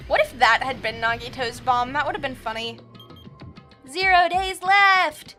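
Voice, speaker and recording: A woman streamer tosses off playful, joking commentary between bits of game text. Her voice is high and bright, right up close to the microphone. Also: steady tone, a little fast, faint music behind. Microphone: close desk microphone.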